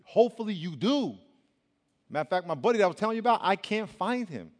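High-voiced youth pastor in a reverberant hall. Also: male voice, quick pace. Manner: animated storytelling, swings from loud to hushed; colloquial, says y'all. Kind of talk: sermon. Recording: long reverb of a large hall.

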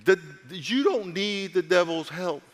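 Preaching pastor with hall reverb. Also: male voice, sits high, animated, measured pace. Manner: preaching with humor and audience call-outs, voicing characters. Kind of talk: sermon.

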